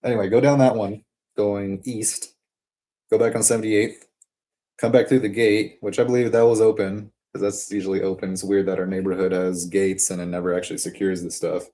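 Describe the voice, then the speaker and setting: A male vlogger with a fairly low, mellow voice talks casually to the camera at a brisk pace and a level tone. He rambles and drifts off topic, swears freely, and peppers his speech with "like" and "um."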